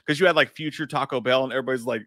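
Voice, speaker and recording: A man co-hosting a casual movie chat, excitable and swearing, acting out scenes. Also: medium pitch, very fast, dry recording, clean studio sound. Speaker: podcast co-host.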